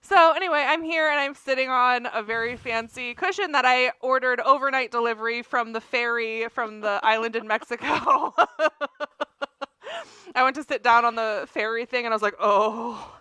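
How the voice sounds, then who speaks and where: An animated woman tells a story on a podcast, laughing often. Her voice is bright and crisp, a little high, and the recording is dry and close. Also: normal speed, no echo. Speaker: podcast co-host. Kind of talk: casual chat.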